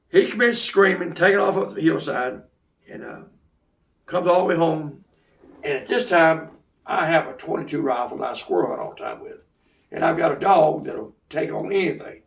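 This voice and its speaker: A man's voice: fairly high pitch, vocal fry, a bit bright, recorded from a distance. A man from South Carolina telling a folksy story, rambling along with restarts and asides.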